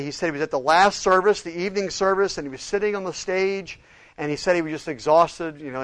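A man delivers a sermon, retelling stories of changed lives with quoted dialogue. His voice sits a little high for a man, and the recording is dry and close, with no room sound. He swings between hushed, quiet passages and emphatic, rising ones. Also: dry recording. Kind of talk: sermon storytelling.

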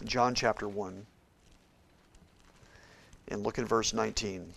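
A man preaching a sermon as a pastor in a church, shifting between loud, emphatic declarations and quiet, hushed passages. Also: lowish voice, fairly even intonation, slow pace, gravelly. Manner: preaches with big swings from shouting to hushed tones.

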